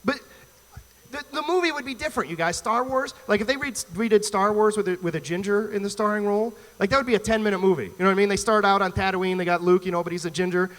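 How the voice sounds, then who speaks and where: A male stand-up comedian from the US Midwest, talking in an animated, rambling way on stage at a live venue. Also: sits high, fast talker, long reverb tail. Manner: animated, chatty, rambling asides.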